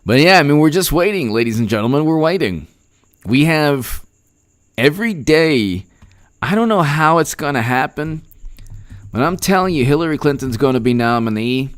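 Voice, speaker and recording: A man's voice: on the high side, moderate pace, dry recording, clean studio sound. Sarcastic male political commentator. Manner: mocking, deadpan sarcasm. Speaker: host.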